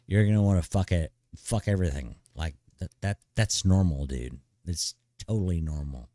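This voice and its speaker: A man's voice: deep voice, animated, moderate pace, mellow, no room sound, clean studio sound. A middle-aged man streaming live, giving blunt, profane big-brother advice in a laid-back way and saying "dude" constantly. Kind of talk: casual live-stream chat.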